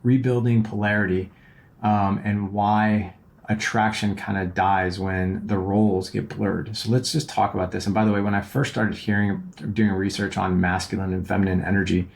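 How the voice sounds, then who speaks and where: A man's voice: on the low side, flat delivery, normal speed, gravelly. A man hosting a podcast, giving casual relationship advice in an earnest, rambling way and often checking in with "right?". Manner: earnest, rambling, repeats words and keeps asking "right?". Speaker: podcast host and relationship coach.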